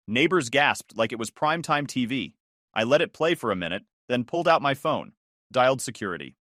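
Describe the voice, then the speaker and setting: A man's voice: mid-range voice, very animated, a little fast, fairly bright tone, no echo, studio quality. A man narrating a first-person story in a smug, cutting manner.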